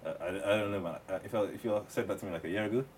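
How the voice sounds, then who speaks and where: Fast-talking deep-voiced man, far from mic. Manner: rambling, loose with restarts and fillers. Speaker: podcast host. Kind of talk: casual chat. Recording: distant mic with faint noise.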